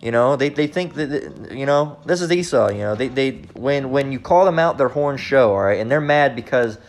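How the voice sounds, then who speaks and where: A man's voice: mid-range voice, expressive, moderate pace, faint music behind. A man preaching in a loose, rambling way, constantly saying "all right" and speaking bluntly with profanity. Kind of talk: informal religious teaching monologue.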